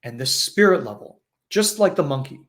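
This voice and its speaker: A man's voice: fairly high pitch, expressive, normal speed, fairly bright tone. A man giving a conversational spiritual teaching in a live online session, often acting out quoted voices.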